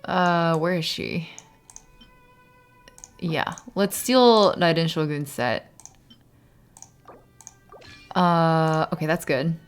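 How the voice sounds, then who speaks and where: A woman's voice: very slow, pauses often, clear, resonant tone, soft background music. A woman live-streaming a game, chatting casually and thinking aloud, breaking into laughs and sometimes slipping into Mandarin. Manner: laughs often, bursts into high excited yelps. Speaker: variety streamer.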